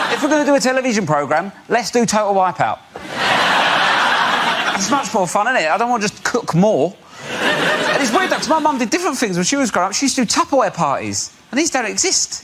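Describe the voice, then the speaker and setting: A young man does a loose, chatty stand-up bit, his voice sitting high. He rambles with lots of "like" and "um". A thick layer of studio noise runs behind him. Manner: rambling, chatty, heavy use of "like" and "um". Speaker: comedian. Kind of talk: stand-up routine on a panel show.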